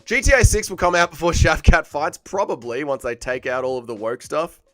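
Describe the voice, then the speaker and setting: A man's voice: a little high, brisk, fairly bright tone, no echo, faint music behind. A man, hosting a casual fight watch-along stream and joking crudely as he reads chat aloud. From Australia. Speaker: livestream host.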